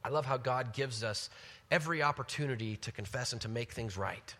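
A man giving a devotional Bible teaching, reading verses and talking them through in an animated, enthusiastic, conversational way. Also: medium pitch, brisk, long reverb tail.

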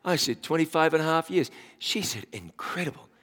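Brisk and a little high, with a slightly bright sound, this forty-something pastor has a New Zealand accent touched by American influence. He gives a chatty sermon full of self-deprecation, echoing through a church hall.

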